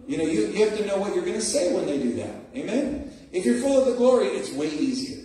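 A middle-aged male preacher giving an animated, laughing sermon in a church, often calling out "Amen?" to the congregation. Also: high voice, fast. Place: church sanctuary. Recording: very echoey room, voice picked up from a distance.

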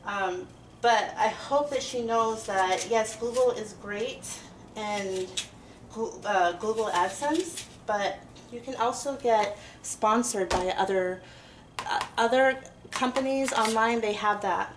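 A woman's voice: mid-range voice, slow pace, background noise. A young woman chatting casually while baking in her home kitchen, rambling and giggly. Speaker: vlogger. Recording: echoey kitchen with clatter. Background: chopping and clinking dishes.

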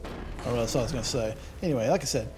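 A man talking over his gameplay in an easygoing, meandering way, with a voice of ordinary middle pitch for a man. He drifts from the game into stories and opinions, earnest and loose with the odd swear word. A faint hiss of noise sits under his voice. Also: very fast. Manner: rambling, chatty, wanders off on tangents. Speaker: let's play gamer. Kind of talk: casual gameplay commentary.

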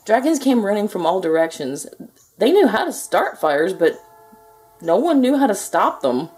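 A woman reading a children's picture book aloud in a gentle, expressive storytelling manner. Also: fairly low pitch, a little slow. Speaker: storybook reader.

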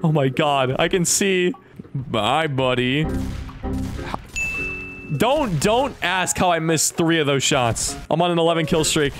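A man's voice: on the high side, a little slow, over music. A young man commentating his own gameplay, joking and crying out in sudden yelps as things go wrong. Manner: excitable, jokey, yelps and cries out. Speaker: gaming YouTuber.

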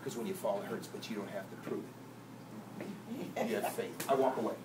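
A man speaking at a church, a lively, joking storyteller who acts out the dialogue in his testimony. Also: on the low side, a little fast, a loud crowd. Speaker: guest speaker and singer at a church. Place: church sanctuary. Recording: echoey church hall, distant mic, guitar.

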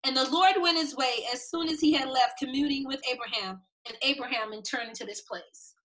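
A woman co-hosting a casual Bible study talk, reading scripture aloud slowly and stopping now and then to comment. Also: high-pitched, a bit bright, low-quality recording. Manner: reads scripture aloud slowly, with small laughs. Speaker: podcast co-host.

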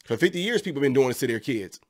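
A man's voice: mid-range voice, animated, very fast. A man hosting an opinion video, ranting sarcastically and firing rhetorical questions at his viewers. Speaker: commentary channel host.

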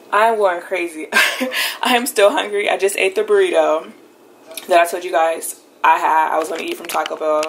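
A woman's voice: fairly low pitch, fairly bright tone, a little hiss or hum, low-quality recording. A young woman vlogging casually at home, chatty and rambling and laughing often. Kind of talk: casual vlog talk to camera.

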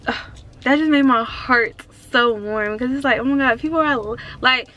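A young woman of about nineteen, chatting excitedly in a casual vlog from inside her car, with lots of "like" and "um". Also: sits high, normal speed, lo-fi sound. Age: around 19. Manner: excitable and chatty, full of fillers like "like" and "um". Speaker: vlogger.

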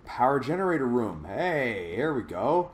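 A man's voice: medium pitch, very animated, normal speed, slight background noise. A man giving let's play commentary on a horror game, jumpy and jokey, swearing when startled. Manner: jokey, talks to the viewer. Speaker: gaming video host.

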